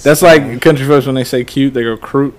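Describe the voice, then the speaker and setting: A man's voice: mid-range voice, steady tone, brisk. A man co-hosting a podcast, bantering casually, joking, swearing and laughing often. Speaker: podcast co-host.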